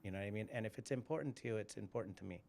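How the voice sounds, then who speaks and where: Middle-aged male host, low voice, loose rambling storyteller with lots of restarts. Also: very fast, gravelly, a little mellow. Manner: rambling, repeats words, storytelling. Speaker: podcast host. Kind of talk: casual live interview chat.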